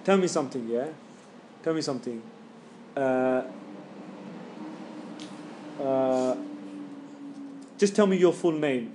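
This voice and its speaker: With a noisy background behind him, a middle-aged man teaches Quran recitation in a live tajweed class, offering relaxed coaching and demonstrating the sounds. His mid-range voice moves at a slow pace, with frequent pauses.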